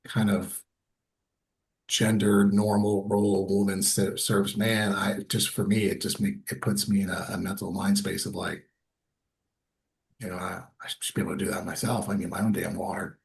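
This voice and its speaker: A man's voice: deep voice, vocal fry. A middle-aged man talking candidly and self-deprecatingly in a casual conversation, acting out what people said. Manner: candid and self-deprecating, acts out quoted voices. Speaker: guest sharing personal stories.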